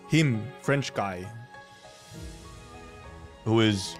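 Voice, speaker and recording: A man from Finland whose first language is Finnish, a streamer calmly reading a game story aloud and adding quiet asides. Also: low voice, slow pace, faint music behind. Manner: calm, even narration with quiet asides.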